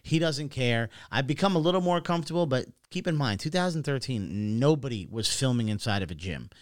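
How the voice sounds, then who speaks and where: A man's voice: medium pitch, animated, fairly quick, dry recording, studio quality. A man co-hosting a podcast in casual chat, easygoing, laughing often and prompting the other host with questions.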